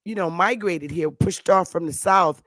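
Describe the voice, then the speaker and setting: A woman's voice: on the low side, moderate pace, fairly bright tone, dry recording. A woman in her fifties from the northern United States, talking to her YouTube audience in a rambling, unscripted monologue full of restarts and fillers. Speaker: YouTube commentator. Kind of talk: casual monologue.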